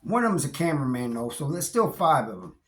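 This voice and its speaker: A man's voice: fairly high pitch, big pitch swings, fast talker. A man casually telling a story about his time in prison, plainspoken and loose, with slang, wry chuckles and lots of "you know.". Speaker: vlogger recounting prison experiences. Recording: roomy echo.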